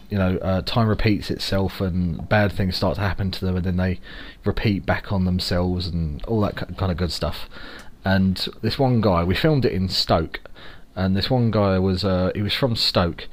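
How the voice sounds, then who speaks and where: A man's voice: sits low, normal speed, hardly any pauses. A young man with a London accent chatting casually on a podcast, sarcastic and rambling, swearing freely. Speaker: podcast co-host. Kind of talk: casual chat.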